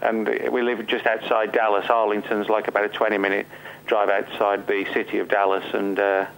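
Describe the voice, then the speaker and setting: A man's voice: lowish voice, monotone, a little fast, fairly bright tone, a little hiss or hum, poor audio. A man with an English Midlands accent, from Staffordshire, speaking as a remote interview guest and rambling loosely. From Staffordshire, England. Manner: rambling, many fillers and restarts. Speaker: guest, author.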